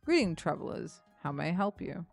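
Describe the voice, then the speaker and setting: A woman's voice: lowish voice, sing-song, fairly quick, vocal fry, darkish tone, heavily acted. A woman reading the lines of a quirky male tavern innkeeper in a game, half in character, with faint music behind. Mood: cheery. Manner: reads lines plainly, halfway into character. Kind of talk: reading game dialogue aloud.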